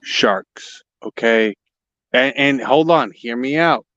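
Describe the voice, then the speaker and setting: A man's voice: mid-range voice, a little slow, a bit bright, dry recording. A man giving firm opinions on cigars in a casual livestream chat. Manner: opinionated, emphatic. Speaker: livestream panelist. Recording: dull, dry remote audio.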